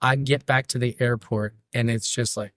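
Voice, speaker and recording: A man, a podcast guest, tells a lively story in casual chat, laughing and acting out what others said. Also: mid-range voice, normal speed, no room sound, clean studio sound. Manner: animated, laughing, acts out quotes. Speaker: podcast guest, brewery owner.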